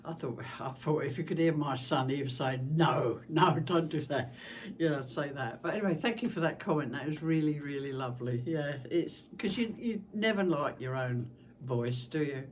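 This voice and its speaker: Husky London-area woman chatting about quilting. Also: low-pitched, moderate pace, darkish tone. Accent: London-area English with a slight Scottish tinge. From southeast England. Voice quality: husky, smoker's voice. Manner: chatty, rambling, homely. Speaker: quilting channel host. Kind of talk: casual chat. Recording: distant mic with faint background hiss.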